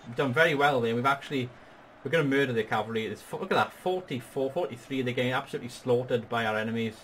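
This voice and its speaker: A man guides a partner through a strategy game battle, explaining each move in a patient, upbeat tone. His pitch sits in a middle range for a man. A faint hiss runs underneath his voice. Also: fast talker, fairly bright tone. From Wales. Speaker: gaming channel host. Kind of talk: strategy game tutorial commentary.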